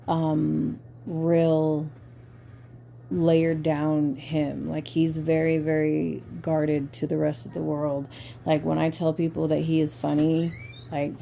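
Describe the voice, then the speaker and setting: Deep and mellow with some vocal fry, this female podcast host talks casually and openly, peppering her speech with profanity and fillers. A slight hiss or hum sits underneath.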